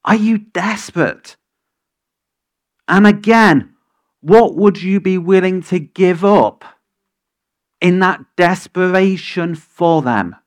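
High-voiced impassioned man preaching. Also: slow, pauses often. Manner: impassioned, rising to emphatic peaks, asks the congregation many questions. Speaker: pastor. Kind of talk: sermon.

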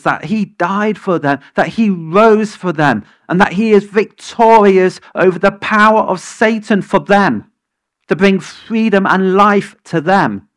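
A male pastor delivers a passionate sermon, pressing the congregation with question after question. His voice sits high for a man, and he takes his time, leaning hard into the key words before building to emphatic peaks. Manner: impassioned, rising to emphatic peaks, asks the congregation many questions.

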